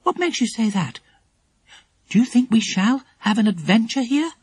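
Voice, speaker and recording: A woman's voice: a little high, big pitch swings, moderate pace, a little mellow, slightly rough, no room sound, pitched above the performer's own voice. A man voicing an earnest, questioning little girl in an audiobook. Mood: wondering. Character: gentle, anxious little girl. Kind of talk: audiobook character voice.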